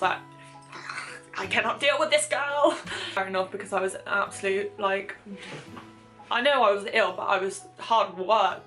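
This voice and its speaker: A young British woman vlogs casually in a bright, forceful, mid-range voice. She chats candidly and confessionally, using plenty of fillers, some swearing, and self-mocking asides.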